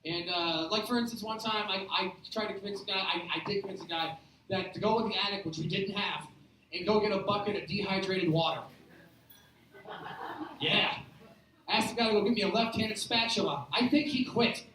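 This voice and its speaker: A man's voice: high voice, normal speed, background noise. A man doing a stand-up comedy set, telling rambling, profane stories at a live show. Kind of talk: stand-up storytelling. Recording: echoey room picked up from a distance.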